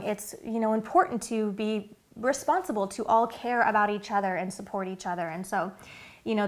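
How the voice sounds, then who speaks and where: A woman in her thirties talking casually to camera about her family's routine, earnest and chatty with many fillers. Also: medium pitch. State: getting emotional, near tears. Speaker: vlogger and mother.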